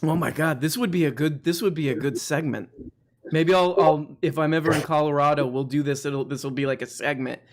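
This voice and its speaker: A man's voice: fairly high pitch, fairly quick. Rambling, joking male stream host. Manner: rambling, joking, full of "like" and restarts. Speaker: host of a live call-in show. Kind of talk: casual live-stream chat.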